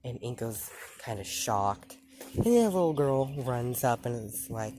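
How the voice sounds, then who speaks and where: A man's voice: medium pitch, animated, unhurried, a little mellow. A man telling an improvised fan-fiction story, rambling with many fillers and self-corrections.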